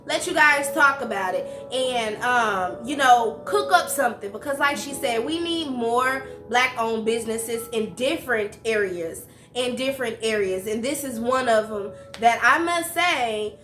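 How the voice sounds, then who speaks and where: Woman host, high and bright, lively slangy chat, echoey room. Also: unhurried, hardly any pauses, soft background music. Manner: animated, laughs often, slangy. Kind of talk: casual interview.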